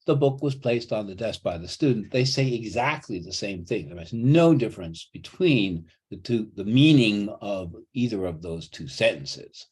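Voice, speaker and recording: A man's voice: lowish voice, expressive, normal speed, hardly any pauses, darkish tone, breathy edge. A man teaching a college English class over a video call, explaining patiently and often restarting and repeating his phrases. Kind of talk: online class lecture.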